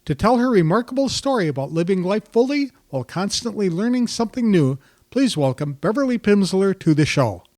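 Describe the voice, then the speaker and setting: An older man hosting a podcast, reading a measured prepared introduction to his guest. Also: high voice, very animated, a little mellow, dry recording, clean studio sound. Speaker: podcast host. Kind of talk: scripted podcast intro and interview.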